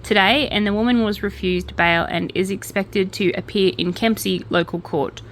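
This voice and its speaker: A woman's voice: medium pitch, steady tone, moderate pace, slight background noise. An Australian woman casually reading out crime news with wry asides and self-corrections.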